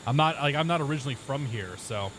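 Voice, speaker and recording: A man's voice: medium pitch, quick pace, slight background noise. Chatty man with a vaguely Midwestern accent. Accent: vaguely Midwestern with some Boston flair. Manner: relaxed, chatty, reads back clearances in pilot radio style. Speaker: flight sim streamer. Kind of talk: casual gameplay commentary with radio calls.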